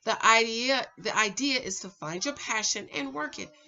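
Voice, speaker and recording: Chatty, bright-voiced woman giving dating advice. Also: fairly high pitch, moderate pace, muffled recording. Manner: chatty, preachy, animated, talks straight to the viewer. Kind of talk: casual vlog chat. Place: home.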